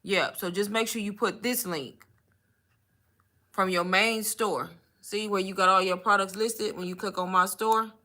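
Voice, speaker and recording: A woman's voice: mid-range voice, steady tone, a little slow, sharp tone. A woman teaching in a casual live Q&A, chatty and instructive, often addressing the listeners as y'all. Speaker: online marketing coach.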